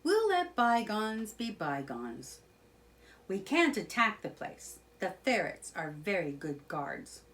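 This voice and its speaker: A woman's voice: mid-range voice, big pitch swings, takes it slowly, fairly bright tone. A woman voicing a wise, commanding old male badger in a children's storybook. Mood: stern.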